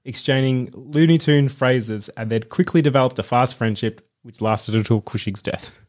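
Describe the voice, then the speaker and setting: A man's voice: medium pitch, moderate pace, a little mellow. Enthusiastic man sharing film trivia. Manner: enthusiastic, laughs often. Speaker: podcast co-host sharing film facts. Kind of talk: casual chat.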